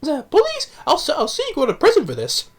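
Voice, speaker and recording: A man putting on a shrill high falsetto as an elderly woman screaming frantically for the police. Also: huge pitch swings, fairly quick, heavily acted. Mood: panicked shrieking. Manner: frantic, shrieking.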